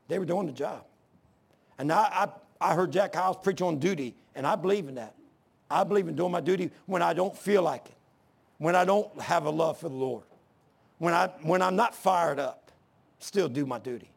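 An older man preaching a sermon, swinging from shouting to hushed storytelling, with a gravelly, husky voice. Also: fairly high pitch. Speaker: pastor.

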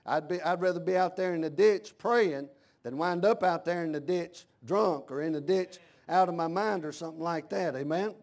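Preacher, middle-aged man, folksy and rhythmic, pitched a bit high, always calling for amens. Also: normal speed, a little mellow. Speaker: Baptist pastor. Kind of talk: sermon.

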